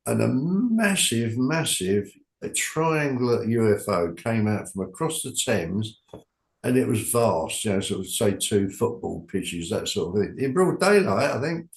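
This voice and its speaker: A man's voice: fairly low pitch, big pitch swings, a little slow, vocal fry. An older man chatting casually about UFO stories, rambling and trailing off into asides. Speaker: club organizer, guest. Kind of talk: casual chat. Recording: echoey room.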